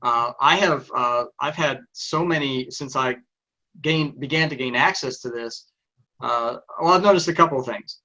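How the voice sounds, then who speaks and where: A man with a Texas accent, a life coach answering as an interview guest in a thoughtful, measured way. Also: medium pitch, pushed and bright, muffled recording. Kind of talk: interview conversation.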